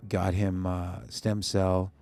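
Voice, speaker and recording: A musician guest recounts an emotional personal story in a podcast interview, his very deep, gravelly voice close to the studio mic over soft background music. Talking slowly in short bursts with a level tone, he acts out other people's lines, sounding a little mellow, with no room sound.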